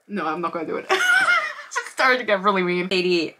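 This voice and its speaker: Young woman in her twenties, book reviewer, sarcastic and giggly, bright tone. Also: on the low side, lively intonation, fast talker. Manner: sarcastic, laughing, reads excerpts aloud. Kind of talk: casual book review vlog.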